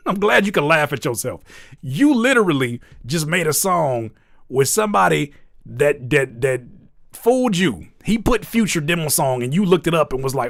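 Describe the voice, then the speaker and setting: A man hosts a live music-review stream, and his pitch jumps all over the place as he jokes and roasts. His talk is profane and playful, full of wordplay. The recording is dry and close, with almost no room sound. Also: sing-song, normal speed, creaky, no room sound. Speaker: music reviewer and livestream host. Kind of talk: live music feedback stream, joking and critiquing.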